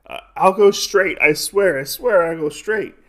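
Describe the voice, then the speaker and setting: A man's voice: medium pitch, normal speed, natural voice. A man voicing a cowardly male bandit who stammers and begs for his life. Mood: begging. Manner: pleading, stammering. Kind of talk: comic podcast recap.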